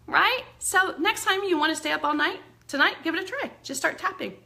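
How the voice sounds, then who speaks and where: Bright, chatty woman teaching tapping. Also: very high-pitched, moderate pace, gravelly. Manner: chatty and expressive, laughs often, acts out venting. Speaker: emotional healing teacher. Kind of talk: instructional talk demonstrating tapping.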